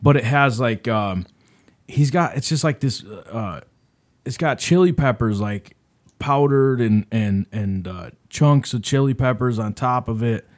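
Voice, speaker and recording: A man's voice: mid-range voice, animated, a little slow. A man co-hosting a casual podcast, telling a rambling, profane story. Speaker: podcast co-host.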